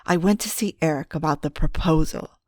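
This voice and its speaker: A woman reading the lines of a hoarse young husband who speaks slowly, softly and apologetically in an audiobook. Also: fairly high pitch, dry recording, studio quality, close to an everyday voice. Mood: remorseful, tender.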